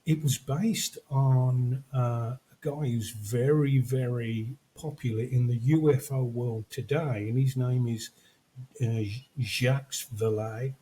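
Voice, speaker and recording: An older man in easy podcast chat, spinning movie anecdotes at a steady everyday pitch. He slips into quoted lines as he tells the story. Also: slow, low-quality recording. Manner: storytelling, acts out quotes from films. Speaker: podcast co-host. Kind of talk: casual chat.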